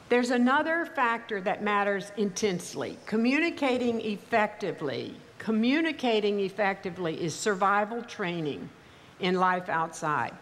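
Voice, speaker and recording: An older woman with a mild Texas accent, giving a commencement speech in a measured, wry storytelling manner. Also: mid-range voice, fairly bright tone, a little hiss or hum. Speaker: commencement speaker. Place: large ceremony venue. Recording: reverberant hall, faint ambience.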